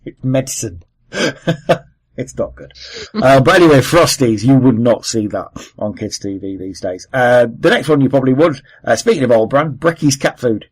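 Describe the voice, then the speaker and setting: A Welsh man chats casually as a podcast host, rambling through his points with plenty of ums and asides. His voice sits at an ordinary middle pitch. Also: lively intonation, normal speed, slightly rough, poor audio. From Wales. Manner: rambling, chatty, lots of fillers. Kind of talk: casual chat.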